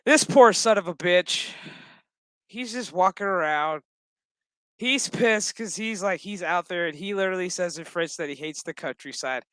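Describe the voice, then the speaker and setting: A man rambles through a casual, swear-filled TV episode recap, cracking jokes as he goes. His voice is bright and crisp. The recording is dry and close. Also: high voice, moderate pace, no echo, rough recording. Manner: profane, rambling and joking. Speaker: gaming channel host.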